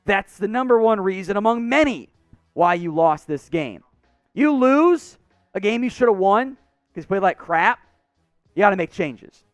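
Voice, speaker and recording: A man hosting a sports show, ranting in frustration, his voice going hoarse. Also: sits high, animated, normal speed, no echo, faint music behind. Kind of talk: fired-up sports commentary.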